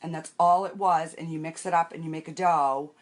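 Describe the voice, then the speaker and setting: Low-voiced older woman chatting on a live stream. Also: steady tone, brisk. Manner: chatty, rambling, greets viewers by name; talks while wiping her face and doing makeup. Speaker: makeup vlogger. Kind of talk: casual live-stream chat.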